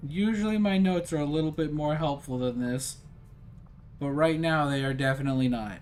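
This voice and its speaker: A man's voice: on the high side, normal speed, a little mellow, faint music behind. A man casually commenting while he plays a strategy game, rambling and self-deprecating as he thinks aloud. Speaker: gaming streamer. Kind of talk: casual let's-play commentary.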